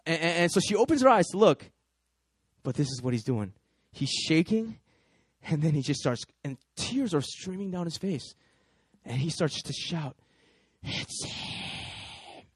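A man's voice: on the high side, normal speed, breathy edge, no echo. A man preaching a sermon, telling a story and acting out each person in it. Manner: animated, acts out every character.

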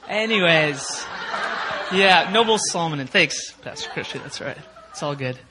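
A man's voice: a little high, expressive, moderate pace, noisy background. A man from Minnesota giving a personal testimony at a church prayer meeting, emotional and rambling, with many fillers. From Minnesota, USA.

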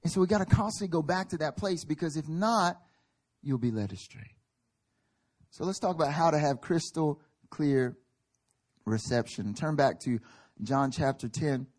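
Guy preaching at church, voice on the high side, gets loud and punchy. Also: lively intonation, normal speed. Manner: emphatic, builds in volume, acts out quotes. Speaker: pastor. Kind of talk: sermon. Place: church service hall.

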